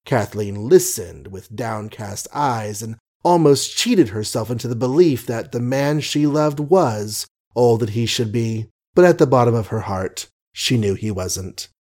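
Wry, mellow-voiced male narrator. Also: mid-range voice, a little slow, few pauses. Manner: wry, gently ironic asides. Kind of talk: audiobook narration.

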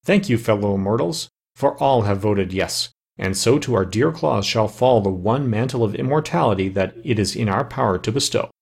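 A man's voice: fairly low pitch, expressive, moderate pace, creaky, few pauses, darkish tone, husky, heavily acted. Ak, a man voicing a solemn forest immortal. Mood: grateful. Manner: solemn, persuasive pleading. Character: noble male forest immortal, earnest leader.

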